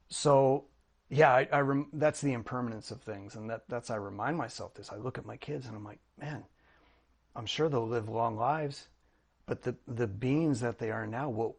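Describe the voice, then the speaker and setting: Earnest reflective man, mid-pitched. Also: moderate pace, creaky. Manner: earnest, reflective, with many restarts and fillers. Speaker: podcast guest, drumming coach. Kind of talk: casual interview conversation.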